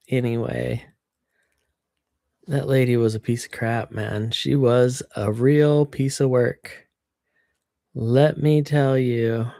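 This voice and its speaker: A woman's voice: very deep voice, warm tone, no room sound, studio quality. A woman chatting casually on a livestream, venting and swearing freely into her computer microphone.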